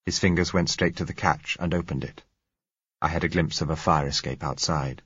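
A man reading a novel aloud as narrator, in a measured, wry manner. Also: a bass voice, steady tone, a bit bright, breathy edge, no echo, lo-fi sound. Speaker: audiobook narrator. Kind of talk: scripted narration.

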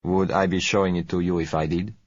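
A male narrator voicing a polite, soft-spoken oil seller who talks calmly and without hurry. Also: low voice, dry recording, highs cut off. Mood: gentle. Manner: calm, gentle and unhurried.

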